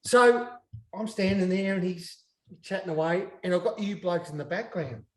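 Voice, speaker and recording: Lively Australian man re-enacting a story. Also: sits high, moderate pace. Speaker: guest, former footballer. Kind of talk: animated anecdote with props. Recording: roomy echo.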